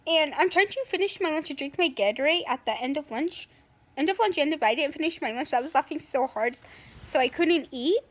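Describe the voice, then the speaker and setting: A young woman telling a story from school in a casual way, laughing often and acting out her classmates' lines. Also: sits high. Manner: giggly, acts out classmates' lines.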